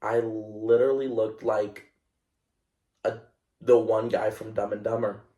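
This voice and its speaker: Young male podcast host, unhurried, echoey room, rambling and animated storytelling. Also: lowish voice. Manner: animated, self-conscious storytelling with many fillers. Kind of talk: casual storytelling monologue.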